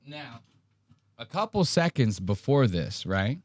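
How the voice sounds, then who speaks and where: Animated, profane male podcast host. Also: mid-range voice, normal speed, no room sound. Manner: animated, profane, acts out quotes in varied voices. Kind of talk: casual commentary on clips.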